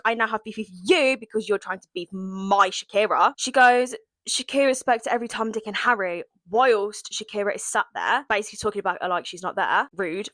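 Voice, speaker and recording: A woman's voice: mid-range voice, a bit bright, no echo. A young woman recapping a reality show in a casual vlog, dramatic and sarcastic, full of mock outrage. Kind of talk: casual reaction commentary.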